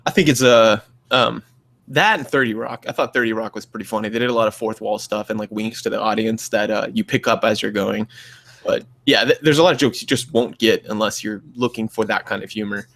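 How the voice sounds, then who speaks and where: A man co-hosting a podcast in casual chat, rambling with many fillers and restarts and jumping his pitch up to act out quoted voices. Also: fairly even intonation, a little fast, vocal fry, fairly bright tone. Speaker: podcast co-host; clinician.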